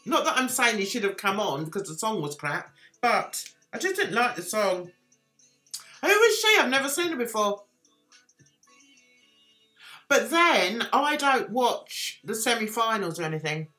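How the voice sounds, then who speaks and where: A woman's voice: fairly high pitch, big pitch swings, unhurried, pauses often, pushed and bright, faint music behind. A woman hosting a casual live stream, rambling and self-deprecating as she chats with viewers. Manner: chatty, rambling, self-deprecating, reads chat aloud. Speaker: livestream host.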